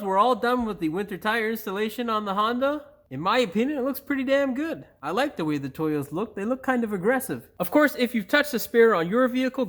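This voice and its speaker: A man's voice: high-pitched, a bit bright. A man hosting a car repair tutorial in his garage. He is upbeat, keeps calling viewers "boys and girls," and curses freely when things go wrong. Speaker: host of a car repair channel. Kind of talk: casual how-to tutorial with outtakes. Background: neighbor's air compressor.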